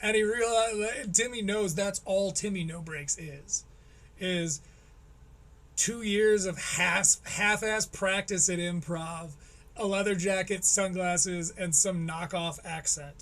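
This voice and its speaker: A man's voice: high-pitched, slow, fairly bright tone. A man hosting a live stream, giving sarcastic, profane commentary on a clip he is watching. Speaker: host.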